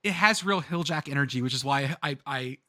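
A man's voice: mid-range voice, brisk, pushed and bright, dry recording, clean studio sound. A man co-hosting a casual podcast, reading song lyrics aloud as a quiz with a chuckling, sing-song delivery. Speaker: podcast co-host running a quiz.

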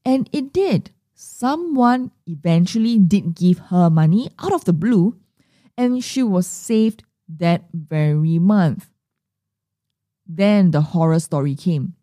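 Lively woman hosting a podcast. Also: lowish voice, slow pace, no room sound, studio quality. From Singapore. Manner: animated storytelling, acting out quoted voices. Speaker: podcast host and money mindset coach. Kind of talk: solo podcast monologue.

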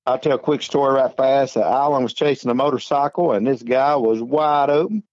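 An older man with a Southern US accent, a former police officer who tells lively stories on a casual talk show, laughing often. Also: brisk, no room sound, dull audio. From North Carolina, US. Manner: animated, laughing, jumps high for quoted lines. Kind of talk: casual storytelling chat.

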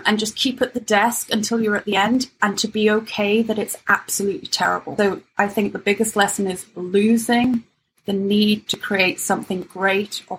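Woman guest, playwright type, a little gravelly, open and self-mocking, light hiss behind. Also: medium pitch, fairly bright tone, rough recording. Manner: candid, self-deprecating, laughs easily. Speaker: writer and actor, guest. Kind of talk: conversational interview.

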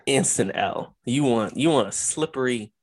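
A man's voice: mid-range voice, animated, moderate pace, dry recording. A young man co-hosting a podcast, telling a rambling, self-mocking story in casual chat. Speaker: podcast co-host.

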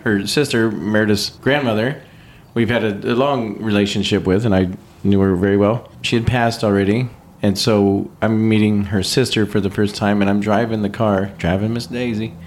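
A man from California, a podcast host, telling a story in casual, profane, animated talk and putting on quoted voices. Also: fairly low pitch, normal speed.

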